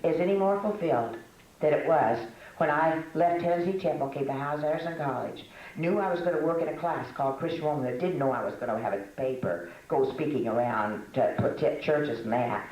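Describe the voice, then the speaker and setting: Speaking briskly in a very deep, somewhat mellow voice, an older woman addresses a women's gathering in a conversational, folksy way. She pokes fun at herself, laughs frequently, and uses many fillers, and the room sounds echoey.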